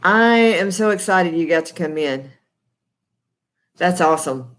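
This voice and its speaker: A woman's voice: fairly low pitch, lively intonation, unhurried. A middle-aged Texan woman hosting a casual live stream from her kitchen table. She talks in a chatty, folksy, rambling way with lots of fillers, picked up by her laptop's microphone. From Texas. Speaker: livestream host. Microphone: laptop built-in mic.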